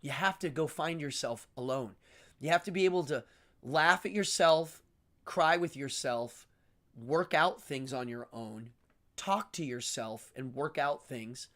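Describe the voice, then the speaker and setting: A man's voice: mid-range voice, unhurried, a bit bright. A man with an English accent hosting a livestream, rambling enthusiastically about philosophy with many ums. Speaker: livestream host. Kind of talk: casual philosophical monologue.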